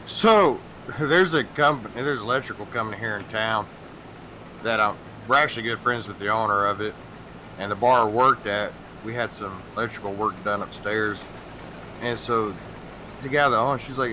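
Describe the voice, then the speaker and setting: A man telling a long story in casual chat, animated and swearing, acting out the people he quotes. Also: mid-range voice, a little fast, a little hiss or hum, poor audio.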